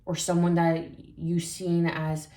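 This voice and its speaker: A woman giving a spiritual tarot reading in a soft, reflective way, often repeating phrases for emphasis. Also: fairly low pitch, completely flat delivery, slow, reverberant. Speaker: tarot reader.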